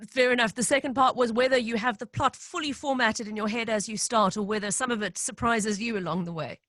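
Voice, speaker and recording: A woman radio host with a bright, sharp voice pitched a little high. She reads out listener questions in a clear, orderly way, and her sound is dry and close. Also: brisk, dry recording. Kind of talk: live radio interview.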